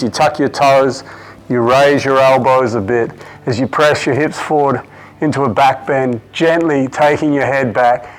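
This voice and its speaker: A man with an Australian accent teaching a yoga class, giving calm step-by-step cues with casual asides. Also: mid-range voice. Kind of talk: guided yoga class instruction. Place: yoga studio.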